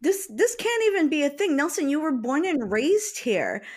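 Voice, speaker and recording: A woman's voice: high voice, moderate pace. Woman cohost, teasing and laughy, voice bounces all over the place. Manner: expressive, teasing, laughs a lot. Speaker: podcast co-host. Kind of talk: casual podcast chat.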